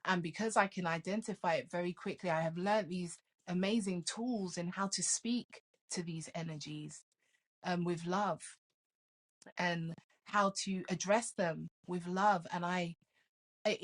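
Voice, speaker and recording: Lower-voiced middle-aged woman telling stories. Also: unhurried. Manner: lively, laughs often, repeats words when starting sentences. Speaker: life coach guest. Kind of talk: casual interview storytelling.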